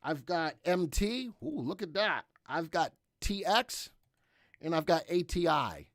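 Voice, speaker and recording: A fairly high-pitched man hosts a live stock analysis webcast, bursting into folksy exclamations as he reads charts. He talks straight to his viewers and asks them to answer in the chat. His voice sounds close and dry, with no room echo. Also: sing-song, unhurried, fairly bright tone. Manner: exuberant, folksy exclamations while reading charts. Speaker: stock market webcast host.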